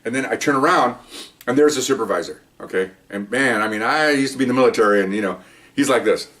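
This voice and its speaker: A man's voice: medium pitch, fast talker, distant mic. A man, a retired police officer, telling cop stories in a casual monologue, acting out what people said and chuckling along. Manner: animated storytelling, acting out quotes, chuckling.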